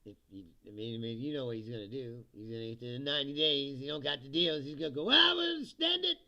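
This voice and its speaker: A male comedian with a medium-pitched, steady voice speaks fast, with a bright, forceful tone. He hosts a casual livestream, reading viewer comments while swearing, joking sarcastically and laughing often, all in dull lo-fi stream audio.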